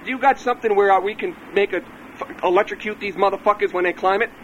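Man, prank phone call, belligerent, constant swearing, rapid-fire, dull lo-fi sound. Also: high-pitched, fairly bright tone, slight background noise. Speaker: prank caller.

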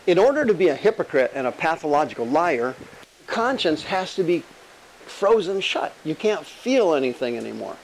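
A man's voice: a little high, sing-song, slight background noise, poor audio. Man preaching with rhetorical questions. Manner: conversational, rhetorical questions, emphatic slow stresses. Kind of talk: sermon Bible teaching.

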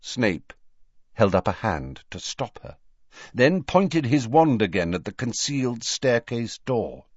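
A man narrating an audiobook in a measured, expressive storytelling manner, recorded dry and dull. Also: medium pitch, no echo. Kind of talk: scripted narration.

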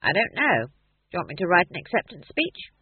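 A woman's voice: fairly low pitch, wildly swooping pitch, a little fast, slightly rough, no room sound, exaggerated voice. A woman voicing a dry, practical male dwarf scribe who speaks in a wry, matter-of-fact way in a storybook reading. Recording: tinny phone-like distant sound.

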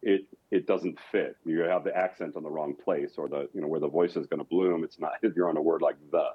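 Low husky man. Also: fairly even intonation, fairly quick. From rural Colorado, USA. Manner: reflective, explanatory. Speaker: opera singer, guest. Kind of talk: casual interview talk. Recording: dull lo-fi audio.

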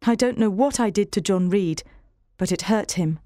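A woman reading a storybook aloud in a steady, clear first-person voice. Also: medium pitch, normal speed, no room sound, studio quality. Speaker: narrator. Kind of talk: scripted storybook narration.

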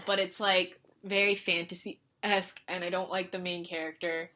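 This podcast co-host is a woman whose pitch sits fairly low and whose pace stays moderate. Chatting casually, she spins animated stories, voicing characters and laughing often.

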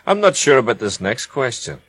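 A man's voice: mid-range voice, big pitch swings, brisk, a bit bright, dry recording. Dry matter-of-fact radio co-host man. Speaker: radio co-host reading listener questions. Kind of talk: casual radio chat.

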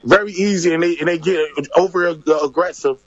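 High-voiced man rambling, lo-fi. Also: fairly quick, fairly bright tone, dry recording. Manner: rambling, repeats himself. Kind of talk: casual rant in a clip. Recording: dull lo-fi clip audio.

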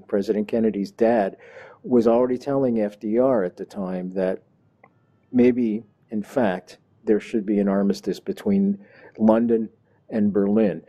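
A man hosting an interview show with a very dark, deep timbre. He talks in an enthusiastic, showman-like way, speaking straight to the audience and pitching up on his hooks. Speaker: host.

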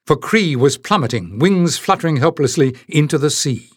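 A man's voice: on the high side, lively intonation, normal speed, breathy edge, dry recording. Man narrating a fantasy audiobook, dry. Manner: dramatic, lifting his voice for the characters.

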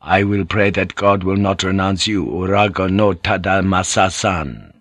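A man voicing a gentle, calm monk who speaks quietly in an audiobook reading. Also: low-pitched, a little slow, no room sound.

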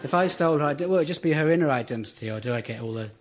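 A man's voice: fairly high pitch, animated, rapid-fire, heavy background noise. A man doing a dry, self-mocking stand-up routine in front of a studio audience on a radio show. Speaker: stand-up comedian host. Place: theatre studio with live audience.

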